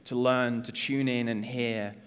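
A man's voice: medium pitch, level tone, unhurried, smooth. A man preaching a sermon as a pastor, conversational and earnest, asking the congregation rhetorical questions. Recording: long reverb of a church hall.

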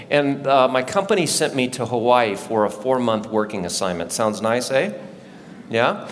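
A middle-aged man, a lead pastor, preaching a sermon to a live congregation in a church, conversational and often asking the listeners questions. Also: a little high. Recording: long hall reverb, faint background noise.

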